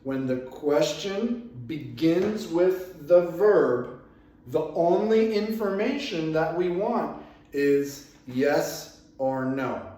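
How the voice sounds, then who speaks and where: Slow, patient man teaching grammar, echoey room. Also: a little high, animated, warm tone. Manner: slow, patient explaining with spelled-out examples. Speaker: English teacher. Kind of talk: grammar lesson. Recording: echoey room, far from the mic.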